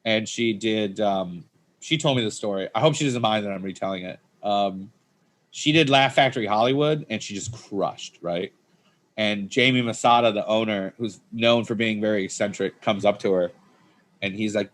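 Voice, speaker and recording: A stand-up comedian as a podcast guest, telling casual, swear-laden anecdotes in loose, rambling chat. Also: male voice, fairly low pitch, normal speed, fairly bright tone.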